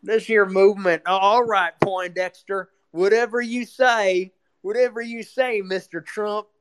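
A man voicing a dim-witted Southern yokel in a mocking, slow drawl. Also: high voice, fairly even intonation, clean tone, no room sound. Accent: mock Southern US drawl.

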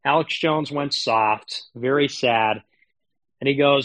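A man's voice: medium pitch, sing-song, unhurried, fairly bright tone, dry recording. A man streaming political commentary, talking in a sarcastic, mocking, casual rant. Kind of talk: casual ranting monologue.

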